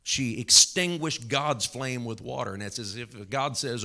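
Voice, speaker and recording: A man's voice: mid-range voice, a little slow, vocal fry, bright, forceful tone. A male pastor preaching a fervent sermon in church, calling out hallelujahs and laughing between points.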